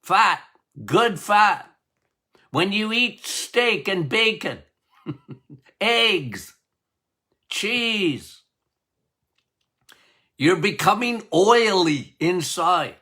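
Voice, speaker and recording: A man's voice: high-pitched, expressive, drawn-out words, pauses often, pushed and bright, slightly rough. A man hosting a health podcast as a doctor, talking emphatically, repeating key words and laughing at his own jokes. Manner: emphatic and repetitive, drumming points home.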